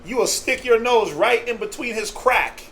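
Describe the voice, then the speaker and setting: A man's voice: very high voice, expressive, normal speed, fairly bright tone, a little hiss or hum, rough recording. A man speaking passionately in a group discussion, acting out the people he quotes and laughing often. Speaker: discussion participant.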